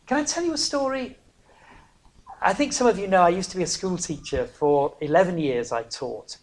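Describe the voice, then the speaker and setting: With an animated, mid-range voice at a moderate pace, a northern English preacher gives a sermon ranging from quiet near-whispers to loud, emphatic cries. Self-mocking, conversational asides punctuate it.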